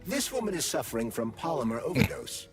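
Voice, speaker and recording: A man's voice: medium pitch, very animated, fast, faint music behind, close to an everyday voice. Man voicing a formal, clinical AI companion. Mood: analytical. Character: calm analytical male AI companion.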